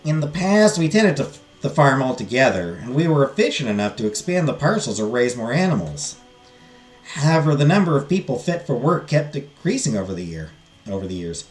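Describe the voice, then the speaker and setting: A man voicing a wistful young woman farmer who mourns her siblings, with a put-on Southern drawl, telling her story slowly and sadly. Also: medium pitch, sing-song, roomy sound, faint music behind, lightly acted. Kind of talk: reading game dialogue aloud.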